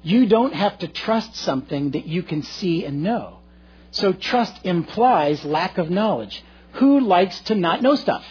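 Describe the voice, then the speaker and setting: A middle-aged male pastor preaching a sermon, telling a story earnestly and swinging between loud and hushed delivery. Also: fairly high pitch, husky. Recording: dull lo-fi recording.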